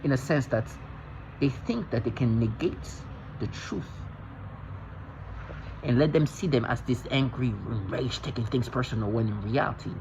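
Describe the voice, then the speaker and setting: A man's voice: medium pitch, normal speed, noisy background. A man vlogging in an agitated, intense monologue, often restarting and repeating himself. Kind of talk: rambling monologue to camera.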